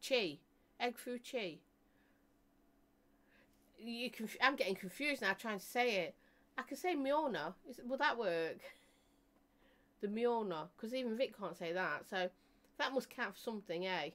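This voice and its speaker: A woman's voice: mid-range voice, animated, normal speed, a bit bright. A woman hosting a live stream, chatting casually with her viewers, laughing often and joking as she reads out their comments.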